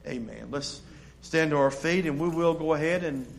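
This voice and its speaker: A man's voice: fairly high pitch, steady tone, moderate pace, a little hiss or hum. A man preaching an evening sermon as pastor, repeating and restarting phrases as he builds emphasis, then leading a closing prayer.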